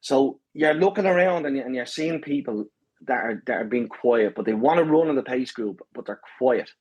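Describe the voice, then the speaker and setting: Husky Dublin man telling banter-filled stories. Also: mid-range voice, lively intonation, normal speed, a little mellow, poor audio. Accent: Dublin Irish. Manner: swearing banter, lots of "right?". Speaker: podcast guest, marathon pacer. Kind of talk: casual storytelling chat.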